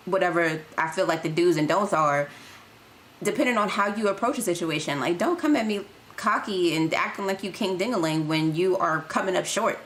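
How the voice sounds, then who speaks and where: Lower-voiced blunt woman podcaster. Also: a bit bright. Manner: blunt, storytelling, slangy. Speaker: podcast co-host. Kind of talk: casual podcast chat.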